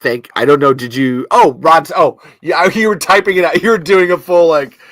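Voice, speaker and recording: A man's voice: a little high, normal speed, fairly bright tone, dry recording. Midwest guy rambling on his podcast stream, keeps cutting himself off and cussing, dry close mic. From American Midwest. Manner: rambling, self-interrupting, swears and laughs at himself. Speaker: podcast host. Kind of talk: casual livestream chat.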